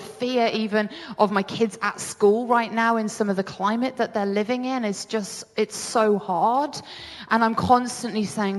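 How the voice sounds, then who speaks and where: A British woman delivers a sermon in an earnest, conversational tone, circling back and restarting her phrases as she goes. Her voice sits at an ordinary middle pitch for a woman. It carries a long reverb, as if spoken in a large hall. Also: a little mellow. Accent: British English. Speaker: preacher.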